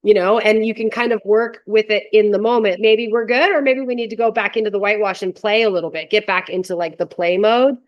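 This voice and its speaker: A woman surf therapist and coach explaining her approach in an interview, earnest and gentle, with frequent "like" fillers. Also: mid-range voice, steady tone, a little fast, few pauses, lo-fi sound.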